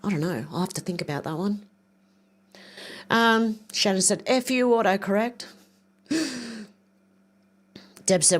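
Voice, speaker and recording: An older woman hosts a loose, rambling livestream chat, reading viewer comments aloud and thinking out loud as she clicks around. Her voice is medium in pitch, and she goes slowly with frequent pauses.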